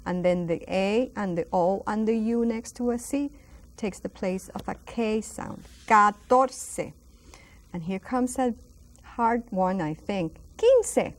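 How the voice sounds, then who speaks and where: A woman's voice: medium pitch, darkish tone. A woman teaching numbers, modeling each word with patient, exaggerated pronunciation. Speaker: Spanish teacher. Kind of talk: instructional lesson.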